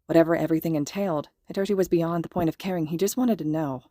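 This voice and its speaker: A woman reading a fan fiction story aloud in a steady, measured narration. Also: sits low, no echo, studio quality. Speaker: podfic reader.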